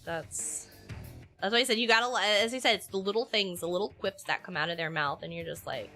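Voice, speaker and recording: Woman, bright clear voice, animated casual storytelling, laughs often, faint music behind. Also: lowish voice, fast. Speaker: streamer and mother. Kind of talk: casual chat.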